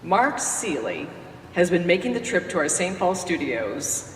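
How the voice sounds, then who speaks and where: A woman's voice: fairly low pitch, sing-song, measured pace, far from the mic, a little hiss or hum. Folksy woman speaking in an echoey hall. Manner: folksy and joking. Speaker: radio morning host giving a tribute speech. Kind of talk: prepared tribute speech at a podium. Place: lecture hall.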